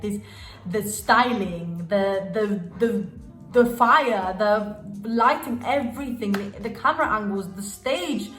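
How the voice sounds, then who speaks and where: A woman's voice: medium pitch, fairly bright tone. A young woman vlogging about her dance work, gushing and emotional, with many restarts and fillers. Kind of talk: casual storytelling vlog. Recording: roomy sound with faint music.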